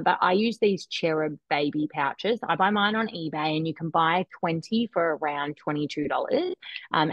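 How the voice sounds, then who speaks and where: Woman hosting a home cooking class, low-ish voice, chatty and upbeat, dry lo-fi mic. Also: dry recording. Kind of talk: live online cooking demo. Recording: dry, dull lo-fi sound.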